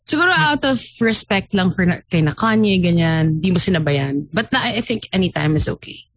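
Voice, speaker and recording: A woman's voice: on the low side, lively intonation, a little fast, dry recording. A woman co-hosting a casual chat, laughing and teasing, switching back and forth between languages.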